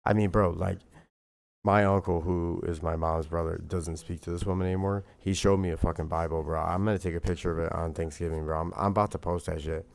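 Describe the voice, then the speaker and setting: A man's voice: sits low, steady tone, a little fast, gravelly, a little mellow. A man streaming live, talking in a rambling, profane and heated way, with "bro" and "like" at every turn. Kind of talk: livestream monologue.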